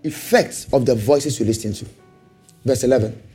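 A man's voice: mid-range voice, moderate pace, dark tone, husky, soft background music. A man preaching a sermon, calling for amens and hammering out repeated questions. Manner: call-and-response, rising to emphatic repeated questions.

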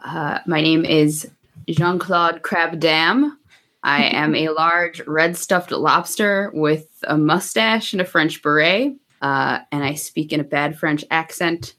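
A woman with a fairly low voice joins a tabletop game as a player. She chats in a friendly, relaxed way. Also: takes it slowly. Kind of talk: casual game chat.

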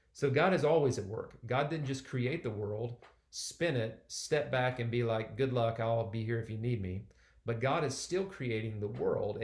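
With a medium-pitched, darkish voice, a man in his forties delivers a sermon as a pastor. He keeps it conversational and hammers his points with emphatic repetition.

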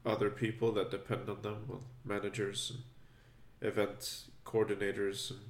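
A man with a lowish voice speaks in a laid-back podcast chat, often dropping in short agreements. His voice carries noticeable room echo. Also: level tone, unhurried. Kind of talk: casual podcast conversation.

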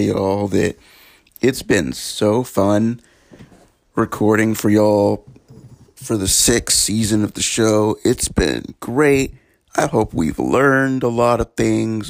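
A man hosts a podcast in a low, gravelly voice. He takes his time with each phrase and calls his listeners y'all. The sound is dry and close. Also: darkish tone, dry recording. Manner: laid-back, addresses listeners as y'all. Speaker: podcast host. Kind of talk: casual podcast chat.

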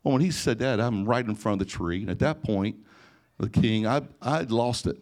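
A middle-aged man, a pastor, telling a personal story in an animated sermon before a live audience, sometimes rising to near-shouting. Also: fairly low pitch, moderate pace. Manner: animated, rising to near-shouting in emotional parts, frequent restarts. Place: church or conference hall before a live audience.

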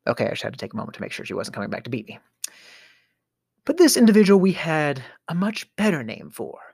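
Middle-aged guy ranting on his podcast, super animated pitch, theatrical sighs and stammers, dry close sound. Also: quick pace, vocal fry, breathy edge, dry recording. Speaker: podcast host. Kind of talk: storytelling rant.

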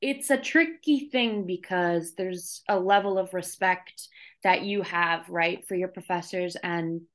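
A young woman from the Midwest, a guest actor on a podcast, telling a story in a lively, emphatic way. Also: fairly low pitch, unhurried. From Minnesota, USA. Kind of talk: casual podcast interview.

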